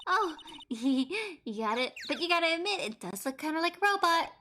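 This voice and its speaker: A woman voicing an excitable, playful young woman sidekick from a game, reading the lines aloud with bright eagerness. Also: very high voice, normal speed, a little hiss or hum, pitched above the performer's own voice, full character voice. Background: game music.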